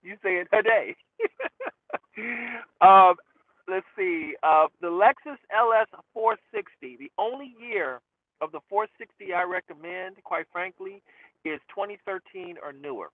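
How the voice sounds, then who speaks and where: A man's voice: high-pitched, lively intonation, a little slow, no echo. A man who hosts a rideshare channel, chatting casually to camera and answering viewer questions in a self-amused way, trailing off with fillers. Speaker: rideshare driver and channel host. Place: inside a car. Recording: dry, tinny phone-like sound.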